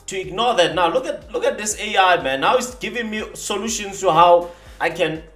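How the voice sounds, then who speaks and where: A man hosting a live trading stream, talking casually and boastfully while demonstrating software. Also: high voice, moderate pace, roomy sound, soft background music. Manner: animated, boastful, teasing rivals.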